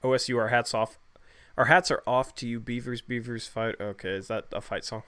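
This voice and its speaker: A man's voice: mid-range voice, steady tone, a little fast, bright, forceful tone, clear, resonant tone. A young man hosting a casual livestream, joking in slangy, laid-back talk and thanking viewers for donations. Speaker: host.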